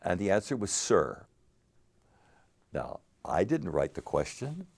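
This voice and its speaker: Older man with a gravelly, lively voice. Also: low-pitched, takes it slowly. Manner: animated anecdotal storytelling with laughs. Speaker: game show host interviewee. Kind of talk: storytelling interview.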